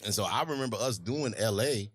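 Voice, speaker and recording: A man's voice: on the low side, animated, brisk, husky, no room sound, studio quality. A man guest in a casual interview, telling candid, profane stories about his career. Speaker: rapper and TV writer guest.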